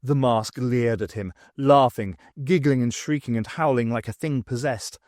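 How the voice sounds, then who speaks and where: A man narrating an unabridged audiobook in a measured, dramatic reading. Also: medium pitch, darkish tone, no echo, studio quality. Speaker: audiobook reader.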